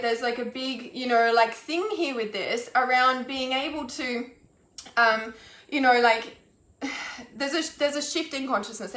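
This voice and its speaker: A woman's voice: a little high, fairly bright tone, echoey room. A woman, an intuitive healer, ranting on a live stream, exasperated and swearing, with lots of restarts and "like". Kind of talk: angry live-stream rant.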